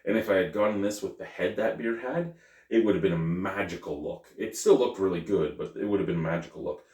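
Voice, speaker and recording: Man, lowish voice, casual beer-review vlogger, rambling and self-correcting, recorded a bit off-mic in an echoey room. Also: a little fast, a little mellow. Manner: chatty, self-correcting, thinks aloud. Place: at home. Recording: roomy, mic at a distance.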